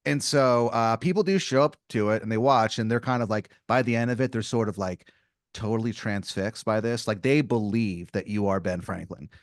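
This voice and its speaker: A man hosting an improvised comedy podcast, laying out a long scenario with halting restarts. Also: on the low side, dry recording, studio quality. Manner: rambling, hesitant setup full of restarts. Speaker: podcast host.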